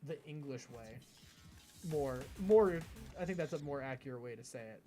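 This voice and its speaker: A man's voice: medium pitch, expressive, brisk, dark tone. An American man streaming live, chatting with his viewers in a rambling, chatty way. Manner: rambling and chatty, often reading chat aloud. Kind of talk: casual live-stream chat. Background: background music.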